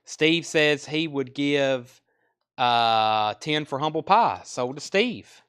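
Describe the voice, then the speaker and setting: A man's voice: a little high, lively intonation, slow pace, a bit bright, clear, resonant tone. A man with a Southern US accent hosting a live online record sale, rattling off album titles and prices with chatty asides in casual sales patter.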